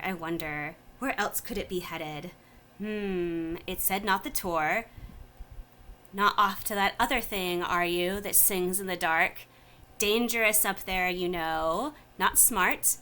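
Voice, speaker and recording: A crazed little goblin creature that mutters to itself, repeating words and wheedling for sparkly trinkets, as a woman puts it on. Its voice sits a little lower than ordinary talk and has a slow, drawn-out lilt. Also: bright, forceful tone, a little hiss or hum, exaggerated voice. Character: mad muttering twisted goblin creature, male.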